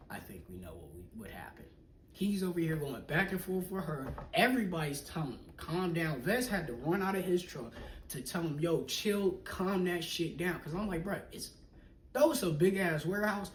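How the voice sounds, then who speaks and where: A young man casually telling a personal story in slangy talk, acting out what people said and often dropping to a hush. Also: a little high. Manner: animated, slangy, acts out quoted people, often drops to a hush. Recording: echoey room, mic at a distance, faint noise.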